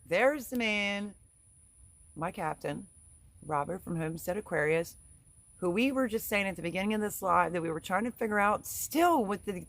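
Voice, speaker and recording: A middle-aged woman hosting a casual livestream, chatty and giggly, reading viewer names aloud. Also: fairly low pitch. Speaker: livestream host reading chat. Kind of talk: casual live chat.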